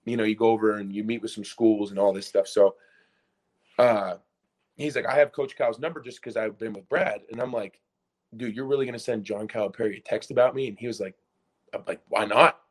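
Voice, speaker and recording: A young man from Pennsylvania, a former college basketball player, telling a story in a casual podcast interview, excited and rambling, acting out quotes. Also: on the low side, fairly quick. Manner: excited, rambling, full of restarts and acted-out quotes.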